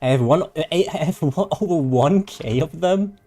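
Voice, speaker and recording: A man's voice: a little high, animated, measured pace, mellow, faint music behind. Chatty, laughing male game streamer. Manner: chatty, laughs often, loose and joking. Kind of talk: casual live-stream chat, reading chat.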